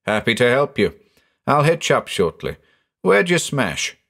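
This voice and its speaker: A man voicing an excitable, superstitious middle-aged farmer with a folksy rural American drawl. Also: medium pitch, a little slow, vocal fry, pitched above the performer's own voice, full character voice. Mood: excited.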